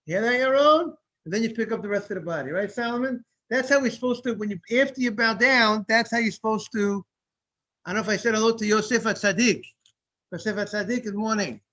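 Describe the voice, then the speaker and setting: A man's voice: sits high, a bit bright. A man who is a rabbi, teaching a Talmud study lesson. He explains step by step, often repeats and restarts his phrases, and breaks off to greet people as they join.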